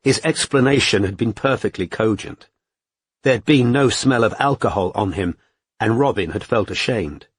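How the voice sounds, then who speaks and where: A man reading a crime novel as an audiobook narrator, in an even, measured way. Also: on the low side, slightly rough, no room sound. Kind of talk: scripted narration.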